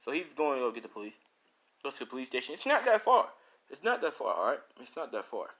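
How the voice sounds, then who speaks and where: A man's voice: mid-range voice, animated, fast talker, bright, forceful tone, slightly rough. A man casually narrating a fan story, rambling with slangy, profane asides.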